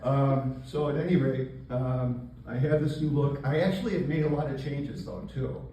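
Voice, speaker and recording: An older man performing a stand-up comedy set on a club stage, with a deadpan, self-mocking delivery. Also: mid-range voice, normal speed, slight background noise. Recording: echoey live club, distant mic. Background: audience laughter.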